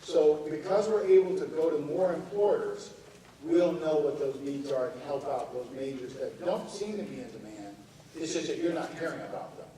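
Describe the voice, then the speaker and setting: A man's voice: a little high, normal speed, crowd noise. A middle-aged man, a company CEO, giving a conversational storytelling speech to students. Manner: storytelling, conversational, some restarts. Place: university lecture hall. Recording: echoey hall, distant mic, audience. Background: audience.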